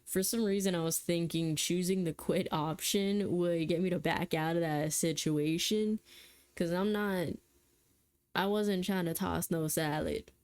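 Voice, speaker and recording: A young woman with a fairly low voice reads a game's story text aloud. Between passages she breaks off into casual, flustered, joking remarks about what is happening. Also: fairly even intonation, measured pace, darkish tone, smooth. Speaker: gaming YouTuber. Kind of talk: reading a text game aloud with casual commentary.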